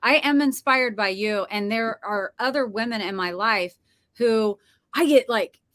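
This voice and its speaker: A middle-aged woman hosting a podcast interview, gushing and excitable in casual chat. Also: medium pitch, a little slow. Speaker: podcast host.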